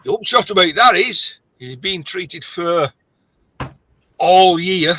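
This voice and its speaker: A man's voice: sits high, takes it slowly, pushed and bright, a little hiss or hum, rough recording. An Irish man in his sixties rambling through stories in casual chat, with stop-start phrasing. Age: 60s. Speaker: scrapper on a live chat.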